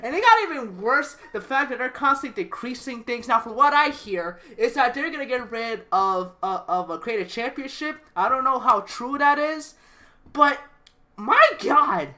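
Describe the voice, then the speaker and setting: A woman's voice: on the high side, expressive, normal speed, pushed and bright. A woman ranting in a profane video game reaction, swearing constantly and breaking into laughter. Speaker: gaming video creator.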